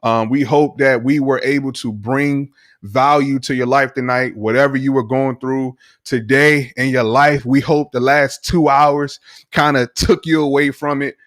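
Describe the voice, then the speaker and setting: A man co-hosting a casual sports talk stream, animated and enthusiastic. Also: mid-range voice, unhurried, no echo, clean studio sound. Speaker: podcast co-host.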